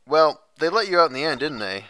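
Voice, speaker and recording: A man voicing a young male defense lawyer in a dry, deadpan manner. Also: fairly high pitch, fast, slight background noise.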